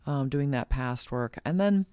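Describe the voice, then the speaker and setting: A woman's voice: animated, unhurried, no room sound. Middle-aged woman guest, earnest and chatty, playful quoted asides, dry recording. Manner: warm, earnest, laughs often, acts out quotes in a high voice. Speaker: guest, author and shamanic practitioner. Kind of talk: casual interview talk.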